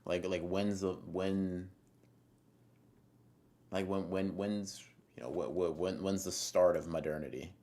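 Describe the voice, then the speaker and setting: A man with a deep, low voice chats on a live stream. He reads chat messages aloud and answers them in a relaxed, slangy way. He rambles, restarts his sentences and swears casually. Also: measured pace, long pauses. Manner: laid-back, slangy, rambling with fillers and restarts.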